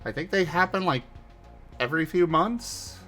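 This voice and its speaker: A man's voice: on the high side, normal speed, pushed and bright, faint music behind. A man hosting a livestream, welcoming viewers and chatting casually with plenty of fillers. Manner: rambling, filler-heavy. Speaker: streamer host.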